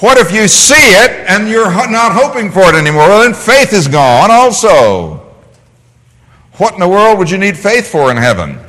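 A man teaching a Bible class in a lively, sing-song voice that climbs and dips. He keeps firing questions at the class and answering them himself. His voice rings through a large hall with a long echo. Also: high voice, a little fast, few pauses.

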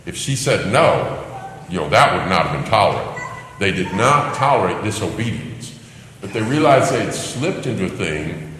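Older male preacher in an echoey hall. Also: fairly low pitch. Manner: animated storytelling, acting out children's cries. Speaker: pastor. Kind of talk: sermon. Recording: echoey hall, faint background noise.

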